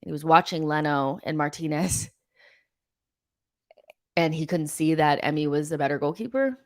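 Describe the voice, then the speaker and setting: A woman's voice: deep voice, moderate pace, dry recording, studio quality. A young woman hosting a live football fan show, chatting casually and reading out viewer comments, with lots of ums and likes and frank opinions.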